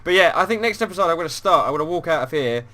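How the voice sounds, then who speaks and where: A man's voice: fairly high pitch, lively intonation, racing, pushed and bright. A man with a British accent hosting a casual gaming chat, joking and laughing often. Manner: chatty, laughs often, jokey. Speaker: host.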